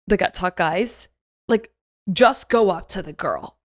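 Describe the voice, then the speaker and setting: A woman co-hosting a podcast in a casual chat, with quick reactions and short comments. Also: fairly low pitch, expressive. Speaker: podcast co-host.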